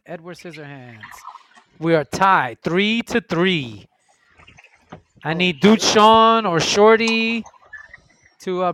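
A man hosting a casual group chat, briskly calling out movie matchups and tallying everyone's votes. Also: high voice, a bit bright, slight background noise. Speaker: host running a movie vote.

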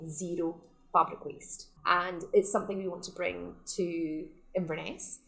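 The audio is poor, carrying a lowish, gravelly female voice with fairly even intonation and a slightly slow delivery. She owns a sustainable fashion shop in the Scottish Highlands and, interviewed casually there, talks chattily and enthusiastically while laughing a lot.

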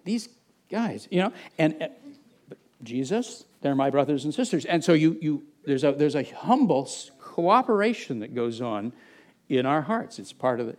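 Man, middle-aged, pastor, conversational sermon, higher voice, restarts and asides.

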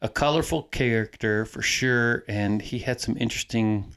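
A man in his fifties, a former Coast Guard cook turned recruiter, reminiscing easily in casual chat, pausing often on "uh" and "um". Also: medium pitch, a bit bright, clear, resonant tone. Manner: easygoing, halting with "uh" and "um".

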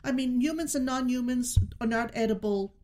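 A woman co-hosting a casual talk show, earnest and measured. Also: sits high, darkish tone. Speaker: co-host.

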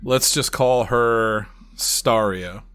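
A man's voice: lowish voice, very slow, fairly bright tone, clean tone. A man casually playing a tabletop game, chatty and playful. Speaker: player.

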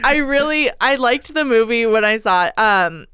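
A woman's voice: on the high side, animated, moderate pace, background noise. A woman in her thirties from Oregon co-hosting a podcast, chatting casually and laughing often. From Oregon, United States. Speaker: podcast co-host. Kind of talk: casual chat.

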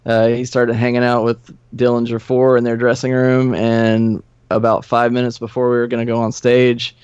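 A middle-aged man, a podcast guest, telling old band stories in a relaxed, profane, laughing way. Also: mid-range voice, moderate pace, clear, resonant tone, no room sound. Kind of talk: casual storytelling. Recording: slightly muffled dry studio recording.

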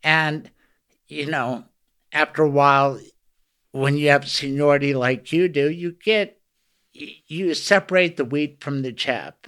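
A man's voice: on the high side, a little slow, fairly bright tone, clean tone. A man hosting a lawyers' podcast, chatting enthusiastically with his guest in a casual interview. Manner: enthusiastic, talkative.

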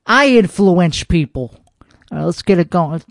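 High-voiced man ranting and swearing. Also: lively intonation, unhurried, vocal fry, no room sound, clean studio sound. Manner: boastful, swearing constantly, irritable. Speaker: podcast host reacting to a show. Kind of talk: profane comedic rant.

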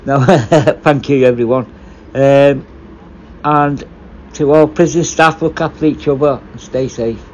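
A former prison officer talking bluntly in a casual, sweary monologue. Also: male voice, medium pitch, fairly even intonation, unhurried, highs cut off, slight background noise.

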